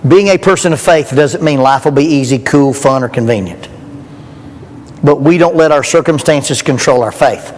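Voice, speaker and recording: A man's voice: mid-range voice, normal speed, a little mellow. A man gives a joking, folksy storytelling sermon as a youth rally speaker in a church. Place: church hall. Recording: long hall reverb.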